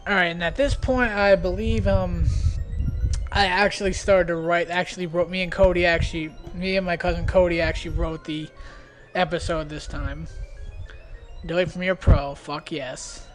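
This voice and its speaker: A young man giving loose, rambling commentary on his own video, with many pauses and fillers. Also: high voice, steady tone, a bit bright, soft background music. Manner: rambling, hesitant, full of fillers. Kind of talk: casual commentary.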